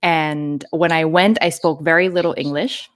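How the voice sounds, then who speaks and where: A woman's voice: deep voice, moderate pace. A woman from Thailand with a North American accent, Thai her first language, chatting and laughing as host of a live Q&A. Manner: chatty, laughing, lively storytelling. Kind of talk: live Q&A chat.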